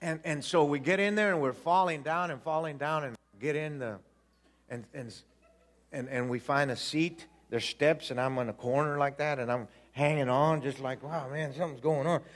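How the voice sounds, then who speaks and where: A man giving an animated personal testimony, acting out voices, laughing and repeating himself as he tells it. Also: fairly high pitch, normal speed.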